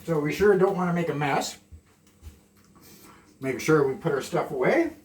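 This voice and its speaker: A man from Canada, chatting calmly and softly to the camera while cooking in his home kitchen, rambling off into asides. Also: on the high side. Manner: deliberately soft and calm, rambling asides. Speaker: cooking vlogger. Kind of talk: casual cooking chat to camera. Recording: echoey kitchen, mic from far off.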